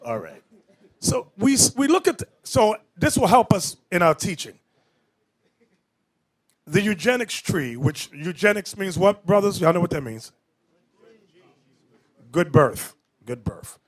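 A man preaching as a bishop in an emphatic, animated lecture style with off-the-cuff asides. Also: sits high, measured pace, pauses often. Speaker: bishop and teacher.

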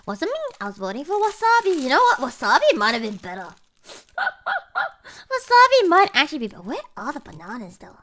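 A young woman streamer commenting on a food challenge to her viewers, dramatic and profane, swinging between low groans and shrieks. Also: wildly swooping pitch, a little fast, a bit bright. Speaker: VTuber streamer.

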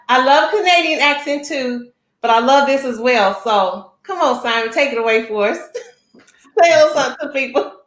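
An energetic woman hosting a talk show, with a bright, high voice. She chats in a lively way and keeps checking in with her listeners. The room around her has a noticeable echo. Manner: energetic, chatty, keeps asking "right?". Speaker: show host. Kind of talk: upbeat talk-show introduction.

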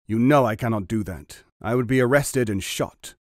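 A man's voice: mid-range voice, normal speed, darkish tone, no echo, clean studio sound, lightly acted. A man voicing a male Soviet army colonel who blusters and sneers, then turns defensive.

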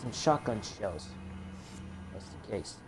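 A man's voice: fairly low pitch, sing-song, slow pace, over music. A man commenting on his own gameplay in a let's play, frustrated and swearing often. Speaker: gamer.

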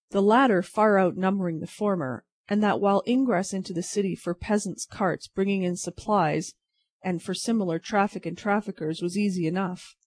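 A narrator giving a steady, even audiobook reading of a classic novel for English learners. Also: mid-range voice, dry recording.

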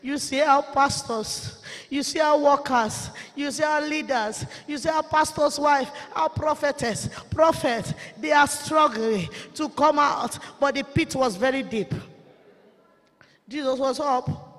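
A woman's voice: high-pitched, unhurried, a bit bright. A woman giving a fervent, tearful sermon testimony at a ministers' conference, in plain, broken phrasing. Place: church conference hall. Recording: long hall reverb.

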